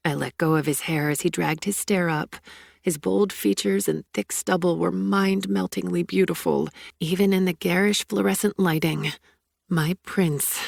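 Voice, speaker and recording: A woman narrating a first-person romance audiobook in an expressive, breathless storytelling manner. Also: fairly low pitch, creaky, no echo, studio quality.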